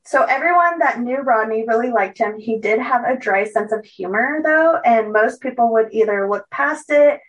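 A fairly high-pitched woman talks a story through in a loose, chatty way, stumbling and correcting herself as she reads from notes. She sits slightly back from the microphone. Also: expressive, normal speed, hardly any pauses, distant mic, lo-fi sound. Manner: chatty, loose, with many fillers and self-corrections. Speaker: podcast co-host telling a true-crime story.

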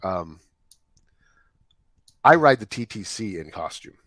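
A man's voice: lowish voice, sing-song, slow pace, fairly bright tone, no echo. Wry man telling anecdotes. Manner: wry anecdote teller with hesitant fillers. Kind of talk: casual podcast chat.

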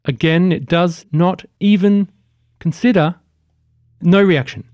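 A man narrating as game master, giving calm rulings with dry humor. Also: sits high, takes it slowly, dry recording.

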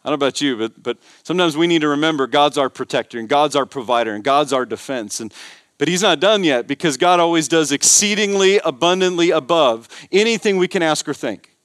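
A man preaches an emphatic sermon, stumbling over repeated words as he builds intensity. His voice sits a little high. The sound is dry and close. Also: a little fast, a bit bright, no room sound. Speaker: pastor. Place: church.

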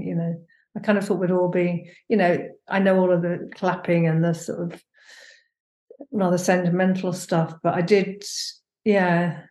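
Low-voiced woman, hesitant, echoey room. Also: a little mellow. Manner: hesitant, searching for words, many fillers. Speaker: guest, performance maker. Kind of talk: casual conversation.

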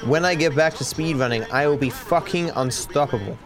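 A man's voice: fairly high pitch, fairly quick. Candid young man rambling. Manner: candid, self-deprecating, swears freely. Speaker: streamer. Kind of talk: casual rambling monologue.

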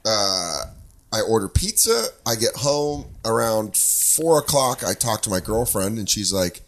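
A man's voice: on the low side, measured pace. A man hosting a podcast, telling a story in casual chat, acting out voices and swearing. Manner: animated, acts out voices, swears. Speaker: podcast host.

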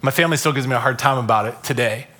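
A man in his thirties preaching a Christmas sermon to a live congregation, telling stories with loud bursts and soft asides. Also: medium pitch, racing. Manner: animated storytelling, shifting between loud bursts and soft asides. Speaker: pastor. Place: church hall, live congregation.

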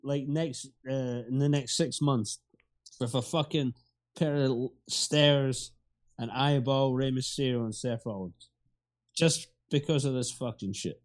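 A man's voice: medium pitch, measured pace. A man co-hosting a podcast in casual chat, full of crude, mocking banter.

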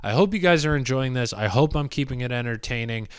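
A young man in his twenties recounts a story on his podcast in a loose, rambling way, full of fillers and asides. His voice is smooth and clear at a middle pitch, recorded close with a dry, dead sound. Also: animated, fast, no echo. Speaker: podcast host and comedian. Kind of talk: casual storytelling monologue.

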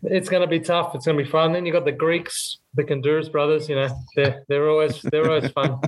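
A man, talking casually as a guest about his racing team, upbeat and chatty with quick restarts. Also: fairly high pitch, level tone, low-quality recording. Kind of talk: casual podcast interview.

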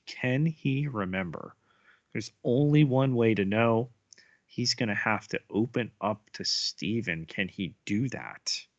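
A man co-hosting a podcast, retelling a TV episode scene by scene in a measured way. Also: lowish voice, dry recording, dull audio. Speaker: podcast co-host. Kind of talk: episode recap narration.

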